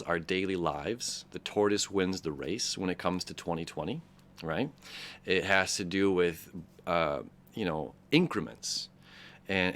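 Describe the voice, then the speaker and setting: A man's voice: low voice, a bit bright. A man hosting an astrology talk, loose and conversational, full of fillers and restarts, often checking in with "right?" and "okay?". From Detroit, Michigan area. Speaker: astrology channel host. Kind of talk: casual rambling commentary.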